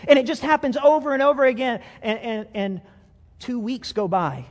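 Pastor, high voice, lively sermon storyteller, long hall echo. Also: male voice, normal speed. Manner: animated storyteller, repeats words, chuckles often. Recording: long reverb of a big hall.

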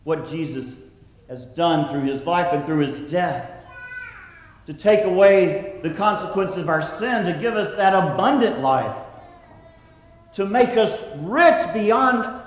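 A man preaching a sermon in a slow, earnest way, dropping to a soft hush when he quotes scripture. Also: sits high, animated. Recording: echoey hall, from a distance.

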